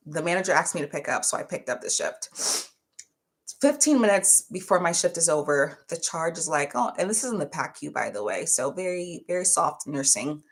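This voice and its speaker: A young woman, a touch low-pitched, talks straight to her viewers in a chatty, animated way. She retells a story and acts out the voices of the people in it. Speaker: vlogger.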